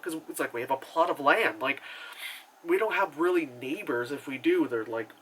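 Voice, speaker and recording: A man's voice: fairly high pitch, lively intonation, normal speed, fairly bright tone, a little hiss or hum, rough recording. A man giving a casual, rambling movie review, full of fillers, sarcasm and swearing.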